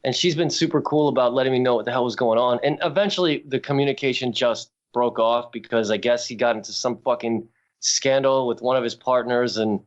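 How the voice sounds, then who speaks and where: A man's voice: medium pitch, fairly quick, muffled recording. A man, a guest artist, telling rambling, profane anecdotes in a casual podcast chat.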